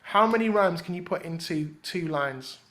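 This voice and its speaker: A man with a slightly high voice teaches a rap workshop in a relaxed, chatty way. He drops in rhythmic examples and often pauses on "um". It sounds like an easygoing class. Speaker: workshop leader and rapper. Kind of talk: casual teaching talk.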